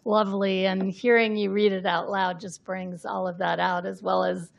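A woman hosts a book conversation in a relaxed, chatty manner. Her voice has a heavy, gravelly fry, and her pitch sits in the middle. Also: normal speed, highs cut off. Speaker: interviewer. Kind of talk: casual chat.

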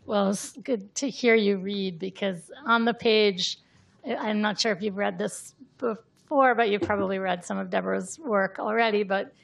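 A woman hosts a casual interview and chats warmly as she sets up a question for her guest. Her voice is heavily gravelly with constant fry. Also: mid-range voice, steady tone, normal speed. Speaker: interview host.

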